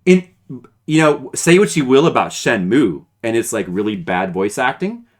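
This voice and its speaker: A man's voice: mid-range voice, big pitch swings, normal speed. A man streaming a video game, commenting casually and rambling with many restarts and hesitations.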